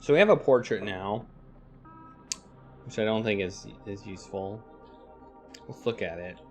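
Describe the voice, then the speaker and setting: A man's voice: lowish voice, lively intonation, unhurried. A man streaming a live text adventure, thinking aloud, reading the game text and greeting his chat. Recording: faint music behind.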